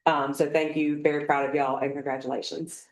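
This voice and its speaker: A woman's voice: sits low, little pitch movement, fairly quick, reverberant. A woman council member with a Southern American accent, speaking with emotion and affection at a council meeting, near tears.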